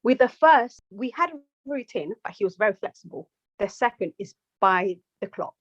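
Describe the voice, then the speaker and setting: Young mum guest, animated anecdotes, dry muffled podcast mic. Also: female voice, medium pitch, normal speed, no echo. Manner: animated storytelling, quoting herself. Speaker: podcast guest, nurse and mother of two. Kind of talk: casual chat.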